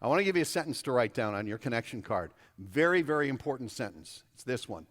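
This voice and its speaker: A man pastor preaching a conversational, humorous sermon, his voice jumping higher for emphasis, heard in a church sanctuary. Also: sing-song, quick pace, few pauses. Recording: echoey church hall.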